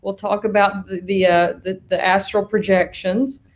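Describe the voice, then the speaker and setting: Woman co-host, mid-pitched voice, upbeat, casual chat. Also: flat delivery, moderate pace. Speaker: show co-host. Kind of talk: casual live-stream chat.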